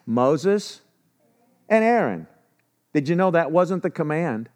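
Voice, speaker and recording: Animated male preacher, bright voice. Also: fairly high pitch, slow. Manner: animated storytelling, acting out quotes; conversational, self-correcting. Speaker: pastor. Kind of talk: sermon.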